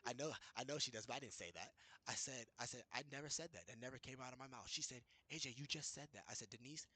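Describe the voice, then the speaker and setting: A man's voice: medium pitch, quick pace. A man casually recounting an argument with his boss, rambling and restarting as he quotes both sides. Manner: rambling, restarts often, quotes others in lively retelling. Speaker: storyteller recounting a work dispute. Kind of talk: casual chat.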